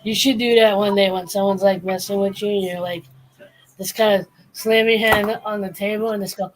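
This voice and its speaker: A woman's voice: medium pitch, normal speed, a little hiss or hum. A woman chatting casually on a stream, retelling a story and acting out the lines. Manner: animated storyteller acting out quotes. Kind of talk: casual chat.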